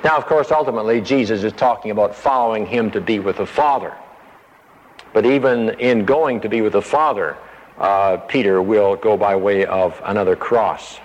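A man's voice: fairly low pitch, normal speed. A man teaching verse by verse from the Bible, often acting out the disciples' words in a raised, pleading voice. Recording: dull radio broadcast with long reverb.

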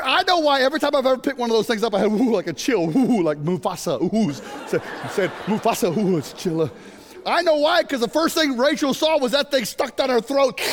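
High-pitched middle-aged preacher guy, jokey and loud in bursts, long echo in the hall. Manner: animated, jokey, sudden shouts. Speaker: pastor. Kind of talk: sermon with comic stories.

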